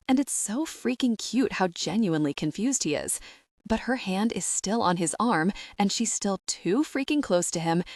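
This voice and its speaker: A woman's voice: on the low side, dry recording, studio quality. A woman narrating a first-person romance audiobook with a wry, sassy storytelling manner.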